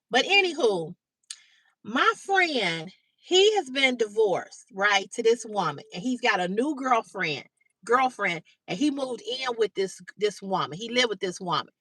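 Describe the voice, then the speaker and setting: A woman hosting a livestream, telling a story to her chat in a blunt, animated way, swearing freely and greeting viewers by name. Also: fairly high pitch, dry recording. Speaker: livestream host. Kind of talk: casual storytelling to live chat. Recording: dry, slightly distant mic.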